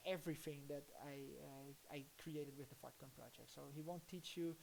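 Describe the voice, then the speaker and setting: A woman's voice: sits low, fairly even intonation, creaky, darkish tone, slight background noise. Dutch-accented woman rambling on a live stream. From Netherlands. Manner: rambling, thinking aloud, halting restarts. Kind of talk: casual live-stream commentary while working on a computer.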